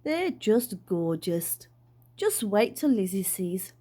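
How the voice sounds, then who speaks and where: A woman voicing an excitable, dreamy dad who believes he is a birdman, talking in an eager, breathless way. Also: slow pace. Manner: eager, breathless, high and loud.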